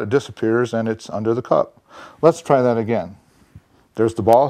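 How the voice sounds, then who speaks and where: A man performs a close-up magic routine and talks the viewers through each move. His patter is relaxed and chatty, pitched in a middling register. The recording is dry and close, with almost no room sound. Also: normal speed, no room sound.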